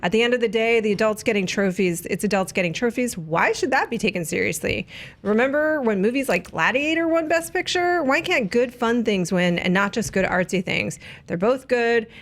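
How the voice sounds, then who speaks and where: A woman's voice: fairly high pitch, lively intonation, normal speed. A woman hosting a casual entertainment panel chat, playful and teasing, laughing often. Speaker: show host.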